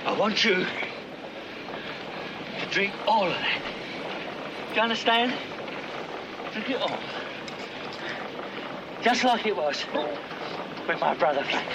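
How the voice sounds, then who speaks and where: An actor playing a vengeful gangster forcing a man to drink, menacing and building to shouts, heard in a film clip. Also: high voice, animated, slow pace, long pauses, exaggerated voice. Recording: noisy film soundtrack clip.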